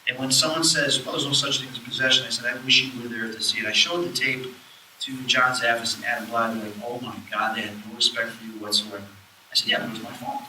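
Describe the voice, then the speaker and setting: At a public event, a lecture hall audience hears a man speak about spirits and the afterlife, spinning stories and performing the quoted voices with animation. He talks quickly in a mid-range voice, captured in a distant, roomy live recording with slight background noise.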